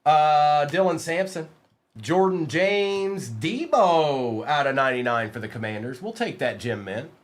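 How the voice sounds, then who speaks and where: A man's voice: on the high side, animated, a little slow. A man hosting a live card-break stream, reading out player names as he opens packs and teasing his chat in a playful way. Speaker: livestream card break host.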